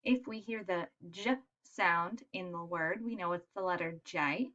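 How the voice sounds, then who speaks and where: A woman teaching young children letter sounds in a patient, encouraging way, modelling each sound clearly. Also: fairly low pitch, unhurried, a bit bright, muffled recording. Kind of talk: phonics lesson for young children.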